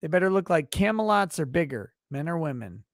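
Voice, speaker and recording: A brash man reads viewer messages on a livestream and fires back with crude, mock-indignant rants. His voice sits fairly high for a man. The sound is dry and close, with no room echo. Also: big pitch swings, brisk, gravelly. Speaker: livestream host reading super chats. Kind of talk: crude comedic livestream banter.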